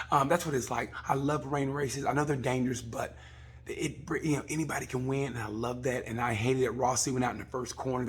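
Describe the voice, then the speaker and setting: A man, a comedian, rambling through a casual comic review of a race, swearing and acting out people in quick asides. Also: mid-range voice, a little hiss or hum. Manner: rambling, profane, acts out voices in quick asides.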